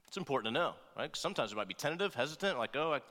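A man's voice: mid-range voice, big pitch swings, racing, pushed and bright. A man preaching a sermon as pastor, talking conversationally and often checking in with "right?" and playful asides. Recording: long reverb of a large hall.

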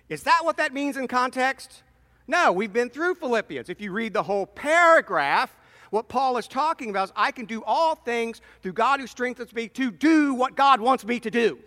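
Wry high-voiced preacher in a big hall. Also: male voice, expressive, moderate pace, pushed and bright. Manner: conversational, wry, emphatic. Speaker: pastor. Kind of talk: sermon. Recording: long reverb in large hall.

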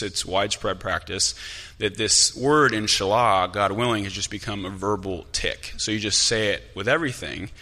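A man preaching a sermon as pastor, talking in a conversational, animated way in a church sanctuary. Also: on the low side. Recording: long hall reverb.

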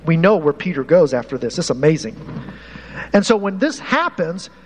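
A man preaching a lively sermon to his congregation as pastor, animated and talking straight to the people in the pews. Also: a little high, moderate pace. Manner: animated, uses props, talks to the congregation. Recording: hall reverb, faint room noise.

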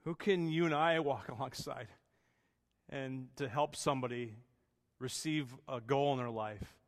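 A man's voice: mid-range voice, unhurried, in a large hall. A man preaching a sermon as pastor, earnest and conversational, with restarts and plain everyday phrasing.

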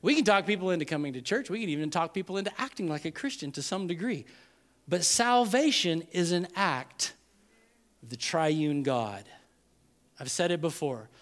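A man preaching a sermon as pastor, animated and acting out the people in the story. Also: a little high, moderate pace. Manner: animated, acts out quoted voices.

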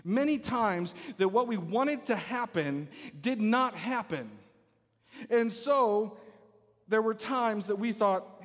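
A man with a high voice preaching a sermon, emphatic and fond of repeating himself, often sinking to a hush to drive a point home. His voice carries through a long, echoing hall. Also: animated, slow.

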